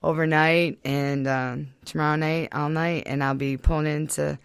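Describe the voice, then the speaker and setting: Gravelly chatty woman guest. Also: low-pitched, level tone, moderate pace, dry recording, studio quality. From Michigan. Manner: chatty, many fillers and laughs. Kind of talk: casual studio chat. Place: radio studio.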